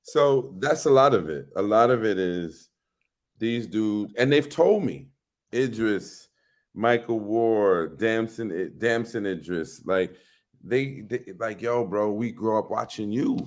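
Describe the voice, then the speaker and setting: A man's voice: on the low side, takes it slowly. A middle-aged man, an actor, chatting casually in an interview and telling stories with quoted voices acted out. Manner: animated storyteller who acts out quoted voices. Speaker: actor guest.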